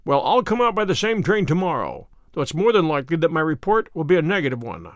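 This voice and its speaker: A man's voice: a little high, big pitch swings, fast, no room sound. A man reading as a musing, self-assured detective. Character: brilliant, dreamy, self-assured male detective. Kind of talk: audiobook character reading.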